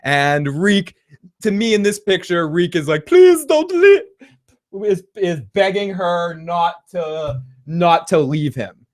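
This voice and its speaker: A man's voice: fairly high pitch, slow pace. A man hosting a casual reaction livestream, rambling and joking, swearing freely and laughing often as he reads viewer comments. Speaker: livestream host.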